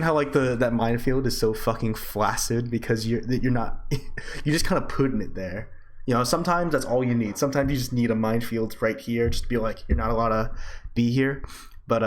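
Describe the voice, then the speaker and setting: A young man coaching and reviewing gameplay in casual live-stream commentary, blunt and profane, often breaking into high laughter. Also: a little hiss or hum.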